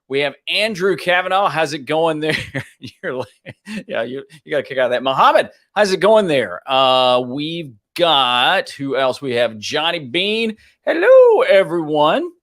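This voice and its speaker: A man hosts a live stream from his home office studio in a relaxed, chatty way. His pitch moves around a lot as he greets viewers and reads out their comments in an upbeat tone. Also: unhurried. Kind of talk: casual live stream chat. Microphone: home office studio mic.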